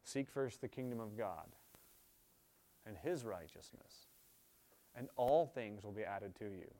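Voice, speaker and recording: A man preaching a sermon at a church service, earnest, with loud emphatic passages and quieter pleading ones. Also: fairly low pitch, animated, a little slow. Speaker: pastor.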